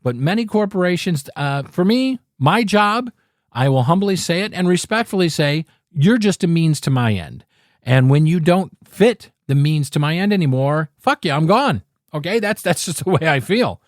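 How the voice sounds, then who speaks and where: A man's voice: on the high side, animated, normal speed, no echo, studio quality. A man in his fifties hosting a podcast, giving a blunt and candid opinion monologue, emphatic and profane, often restarting his phrases. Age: 50s. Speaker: podcast host.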